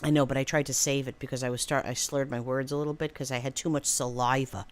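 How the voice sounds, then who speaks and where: A woman's voice: rumbling low, fairly even intonation, fast. A woman chatting on a casual livestream, rambling with many fillers and greeting viewers by name. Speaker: livestream co-host.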